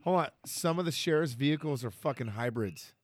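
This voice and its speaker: A man's voice: medium pitch, lively intonation, fairly quick, dry recording. A man co-hosting a podcast, telling stories in a casual, profane chat. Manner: profane, storytelling. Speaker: podcast co-host.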